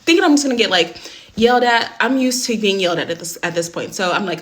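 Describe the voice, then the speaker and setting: A woman's voice: mid-range voice, lively intonation, fast talker, a bit bright. Candid young woman telling a storytime. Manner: candid, heavy swearing, many "like" fillers. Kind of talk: casual storytime vlog.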